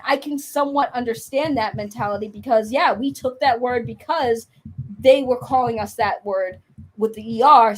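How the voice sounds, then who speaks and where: A woman talking candidly as a panelist on a discussion show, telling stories in an animated way. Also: on the high side.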